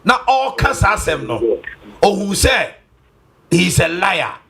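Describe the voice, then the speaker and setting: A man with a Ghanaian accent hosts a political talk show with emphatic, animated questioning. His voice sits high and swings widely in pitch, and his tone is bright. He talks in a mix of English and Twi. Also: takes it slowly, creaky.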